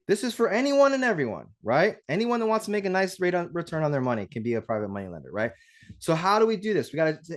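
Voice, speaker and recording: A man with a voice pitched a little above the usual teaches on a livestream in a lively, chatty way. He acts out little conversations as he explains. He restarts his sentences often and keeps checking in with a quick "right?". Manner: animated, conversational, acts out dialogues; frequent restarts and rhetorical "right?". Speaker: real estate investing coach.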